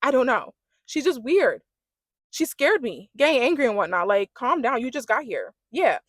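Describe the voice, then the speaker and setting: A woman's voice: fairly high pitch, sing-song, normal speed, fairly bright tone, no echo, clean studio sound. A young woman giving a casual, sassy rant recapping a reality dating show and mimicking the cast as she goes.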